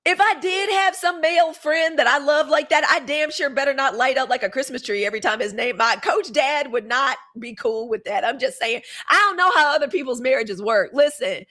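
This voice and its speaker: A woman's voice: high voice, a little fast, hardly any pauses, sharp tone. A young woman from Mississippi, hosting a live show in casual, gossipy chat, cursing freely. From Mississippi, USA.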